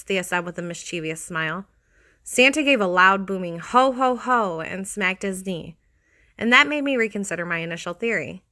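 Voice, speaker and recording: Bright-voiced woman narrating horror stories. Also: mid-range voice. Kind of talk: scripted horror story narration.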